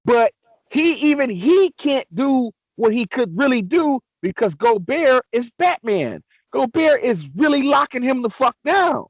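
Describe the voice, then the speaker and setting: A young man on a casual sports podcast, ranting excitably and swearing a lot. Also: very high voice, unhurried, no room sound, dull audio. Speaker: podcast co-host.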